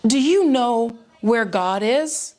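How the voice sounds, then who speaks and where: Stern, slow-talking pastor from a church joke, played by a woman with a high voice. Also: expressive, a little mellow.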